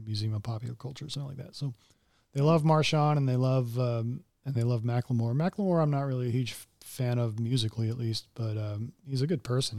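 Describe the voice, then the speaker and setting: Male podcast co-host, mid-pitched, dry close sound, jokey ranter. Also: no echo. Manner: animated, stubborn, joking rants. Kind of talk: casual chat.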